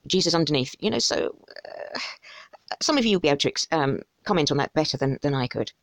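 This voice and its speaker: A woman's voice: low voice, animated, fast talker, dry recording. A woman giving casual, sarcastic commentary on an article she reads along with, with wry asides. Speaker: host commenting on a study article.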